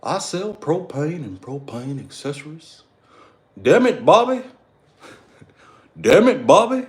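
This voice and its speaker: A man impersonating a hot-tempered middle-aged cartoon dad, shouting and cussing in a gruff drawl. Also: a little high, big pitch swings, takes it slowly, voice pushed up. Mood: exasperated.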